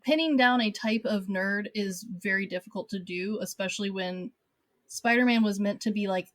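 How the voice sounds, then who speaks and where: A woman chatting casually as a podcast guest, thoughtful and quick to laugh. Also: mid-range voice, dry recording. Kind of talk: casual chat.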